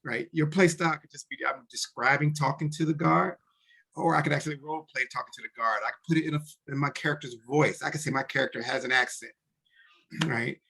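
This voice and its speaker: A man with a slightly higher voice talks through tabletop game rules in relaxed conversation. He often restarts his sentences and slips into short acted lines for characters. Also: a little fast, creaky, breathy edge. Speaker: podcast co-host explaining tabletop games. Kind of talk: casual explanatory chat.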